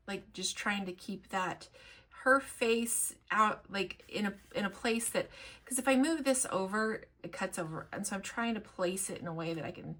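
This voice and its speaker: A woman talking through a crafting tutorial in a chatty, rambling way, with many fillers and restarts, now and then going soft while she works. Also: medium pitch. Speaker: collage artist and shop owner.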